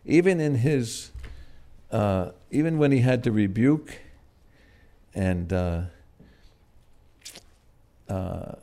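A man delivers a sermon in a low, gentle voice. His speech halts and restarts often, with soft stretches broken by sudden loud swells on key words. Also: expressive. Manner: gentle, halting, with frequent "uh" and restarts. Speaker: preacher.

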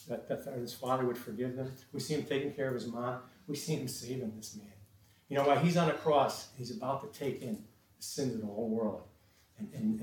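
Guy preaching in a really echoey hall, mic kinda far off, stumbles and repeats himself a lot. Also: medium pitch. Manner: emphatic, repetitive, many restarts and fillers. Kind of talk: sermon. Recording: roomy echo, distant mic, faint noise.

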